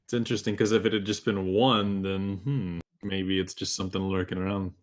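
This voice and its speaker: A man playing a tabletop game, describing what his character does in a halting, thinking-aloud way. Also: low voice, little pitch movement. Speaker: player.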